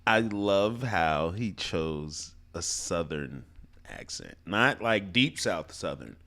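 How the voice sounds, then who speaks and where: A man's voice: deep voice, expressive, takes it slowly, sharp tone, a little hiss or hum. A man hosting a reaction video, talking casually and with enthusiasm, rambling a bit. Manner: enthusiastic, laughs easily, rambling.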